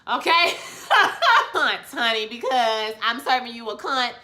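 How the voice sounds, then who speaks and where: A woman reviewing a TV episode in a casual vlog, sassy and animated, full of ballroom slang. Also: fairly high pitch, normal speed. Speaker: TV show reviewer.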